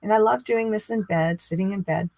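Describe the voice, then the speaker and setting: A middle-aged woman giving a teaching talk as a spiritual teacher. She talks in a chatty, expressive way and lifts her voice when she acts out inner dialogue. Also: mid-range voice, fairly quick, vocal fry.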